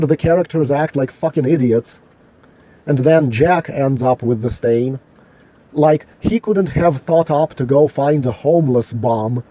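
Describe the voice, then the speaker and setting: A man's voice: a little high, mellow, husky. A man delivering a solo vlog rant in an indignant, argumentative, profane way. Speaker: vlogger.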